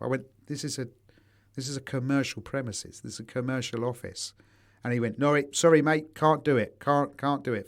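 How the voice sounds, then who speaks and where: Man, podcast co-host, casual chat, sweary storyteller, mid pitch. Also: sharp tone. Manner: swears freely, tells anecdotes with quoted voices.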